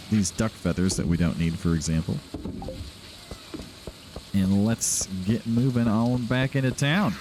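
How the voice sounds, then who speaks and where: A man's voice: on the low side, a little mellow, a little hiss or hum. A man hosting a casual, rambling video game playthrough, chatting and laughing often as he plays at home. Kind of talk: casual gameplay commentary.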